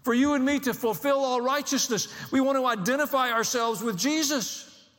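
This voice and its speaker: A man's voice: very high voice, normal speed, fairly bright tone, big-room sound. A man preaching a sermon as pastor, conversational with dry humor and building emphasis.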